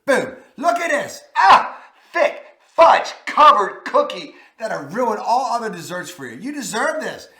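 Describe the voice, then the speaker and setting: A man from Maryland with a Baltimore accent, hosting a vlog in a punchy, enthusiastic way full of quick exclamations. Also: high-pitched, fairly bright tone, echoey room. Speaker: vlog host. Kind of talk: casual presenting to camera.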